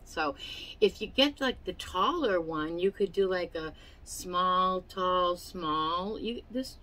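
This crafting channel host talks through a relaxed show-and-tell of products from her home, loose and chatty, stumbling and using fillers now and then. She speaks slowly in a lowish, somewhat bright voice, captured on a low-quality recording.

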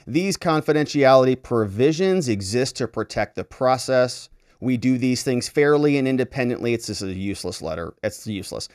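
A man's voice: mid-range voice, animated, brisk, darkish tone, no room sound, studio quality. A man, a lawyer, giving sarcastic solo commentary as he reads a letter aloud and mocks the officials who wrote it in exaggerated voices. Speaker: lawyer and political commentary host.

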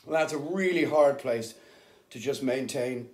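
A man's voice: medium pitch, measured pace, a little mellow. A middle-aged man who sings heavy metal, explaining his vocal technique in a casual, rambling, unprepared way with plenty of fillers. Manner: rambling, informal, with many fillers. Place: band rehearsal room. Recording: roomy rehearsal room echo.

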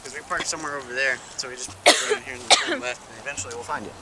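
A man's voice: fairly high pitch, very animated, racing, creaky, a crowd in the background. A young man vlogging casually outdoors on a nature trail, joking and teasing. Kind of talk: casual vlog chat. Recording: loud outdoor background noise.

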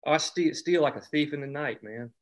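A man's voice: on the high side, a little fast. A man from South Carolina, an author talking casually about his writing, wandering through restarts and fillers. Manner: rambling, lots of restarts and "you know". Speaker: author discussing his novel. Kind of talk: casual conversation.

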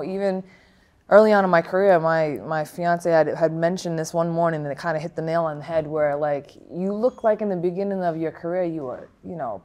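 A woman's voice: sits low, a little mellow. A woman boxer from Rhode Island, answering interview questions frankly and reflectively, with many fillers and restarts. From Providence, Rhode Island, USA. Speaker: professional boxer.

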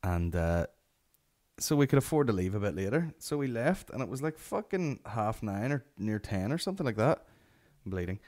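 Northern Irish male comic host, lowish voice, rambling sweary storyteller. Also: big pitch swings, normal speed, darkish tone. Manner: sweary, rambling anecdotal delivery. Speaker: podcast host. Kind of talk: solo comedy podcast storytelling.

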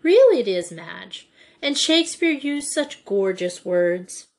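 A woman voicing a lively, mischievous schoolgirl of about twelve, speaking eagerly and playfully in an audiobook reading. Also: medium pitch, takes it slowly. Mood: pleading. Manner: eager, playful mock-Shakespearean speech.

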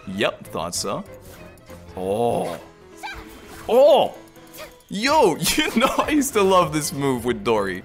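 A man giving excited, casual commentary while playing a video game, often laughing and exclaiming. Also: mid-range voice. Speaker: gaming video creator.

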